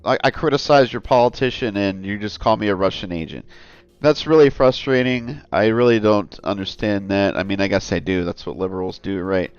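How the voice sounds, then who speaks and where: A man's voice: fairly low pitch, brisk, clear, resonant tone, dry recording, highs cut off. A man hosting a casual commentary vlog, talking in a rambling, earnest way and often calling his viewers "guys.". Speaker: channel host.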